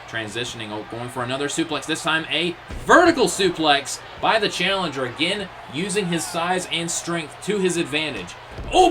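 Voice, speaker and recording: A man doing excitable wrestling play-by-play commentary, exclaiming at each move and dropping joking asides. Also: fairly high pitch, background noise.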